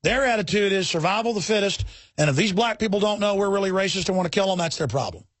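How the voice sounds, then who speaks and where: Brief: male talk radio host, high voice, indignant rapid-fire ranting, dry close mic. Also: animated, no echo. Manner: forceful, indignant, repeats words in rapid restarts. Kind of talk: heated talk radio monologue.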